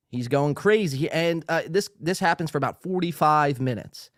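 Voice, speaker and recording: A man's voice: a little high, lively intonation, moderate pace, hardly any pauses, no echo, clean studio sound. Rambling, profane male podcast host. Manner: rambling, profane, with frequent fillers and restarts. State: a little tipsy. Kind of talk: ranting casual commentary.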